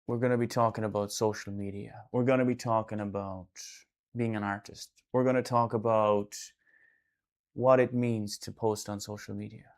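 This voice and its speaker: An Irish artist hosting a casual live stream, rambling loosely and breaking into sudden loud bursts now and then. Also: male voice, fairly low pitch, level tone, normal speed. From Ireland.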